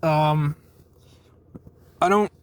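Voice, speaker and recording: A man's voice: on the high side, very slow, clean tone. A young man rambling through a casual, self-deprecating vlog from his car, recorded on a phone. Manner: rambling, self-deprecating, lots of fillers and swearing. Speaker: vlogger. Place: parked car.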